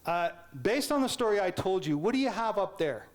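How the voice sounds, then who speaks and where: A man with a high, light voice and a Canadian accent gives a public lecture. He tells his story in a playful, animated way, puts questions to the audience and acts out the voices of his teachers. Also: fairly quick. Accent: Canadian English.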